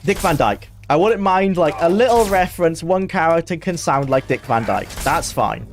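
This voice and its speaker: A young man chatting loosely as he streams a game, rambling and quick to laugh. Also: fairly high pitch, expressive, slight background noise. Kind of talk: casual live-stream gameplay commentary.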